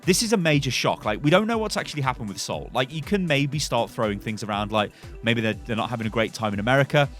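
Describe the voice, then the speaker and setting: A British man delivering casual, opinionated esports commentary. His pitch moves a lot and his delivery stays animated. Faint music sits underneath. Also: fast talker. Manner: animated, opinionated, chatty with fillers. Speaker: gaming news host.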